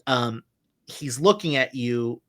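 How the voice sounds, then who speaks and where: A man narrating a tabletop horror game as game master, with many halting restarts and fillers. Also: medium pitch, fairly bright tone.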